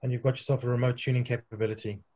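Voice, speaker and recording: A man from the UK answering questions after his talk on a video call, chatty and relaxed with many restarts. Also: mid-range voice, racing, lo-fi sound. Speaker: guest presenter.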